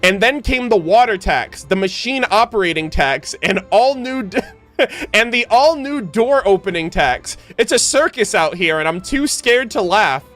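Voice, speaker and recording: A fretful male merchant, flustered and nervous about getting charged yet again, read aloud by a man. The voice sits fairly high for a man. Faint game music plays underneath. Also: lively intonation, measured pace, a bit bright. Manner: reads the merchant's lines aloud in his own voice.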